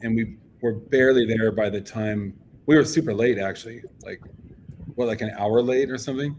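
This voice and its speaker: A man from the United States, a punk band member, telling a story in a casual interview, animated and full of fillers. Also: mid-range voice, moderate pace, a little hiss or hum. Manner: animated, acts out quoted voices, filler-heavy.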